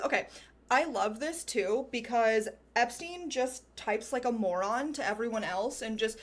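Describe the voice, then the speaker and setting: A woman livestreamer with a fairly high voice, reading messages aloud and tearing into them with sarcasm and swearing. She switches between brash commentary and soft baby talk to her cat. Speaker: streamer.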